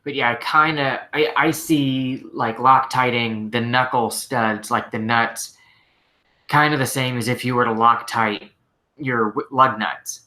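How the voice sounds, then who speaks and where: Bright-voiced male shop mechanic host. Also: medium pitch, a little slow. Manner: relaxed, rambling, frequent fillers like "like" and "you know". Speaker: host answering viewer questions. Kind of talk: casual live-stream Q&A.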